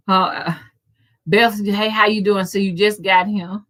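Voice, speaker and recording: A woman's voice: mid-range voice, fairly even intonation, slow pace, pauses often, a bit bright. A middle-aged woman, hosting a casual livestream chat, folksy and profane, greeting viewers by name. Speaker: rootworker and channel host.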